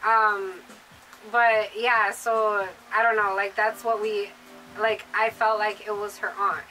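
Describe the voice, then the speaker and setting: A woman's voice: medium pitch, flat delivery, takes it slowly, sharp tone, faint music behind, poor audio. A woman co-hosting a casual chat who rambles with lots of fillers. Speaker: co-host, shop owner.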